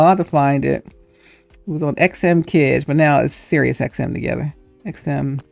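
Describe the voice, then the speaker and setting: A woman's voice: sits low, vocal fry, darkish tone, no room sound. A woman hosting her own video, chatting casually and thinking aloud, laughing often. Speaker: host. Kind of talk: casual chat.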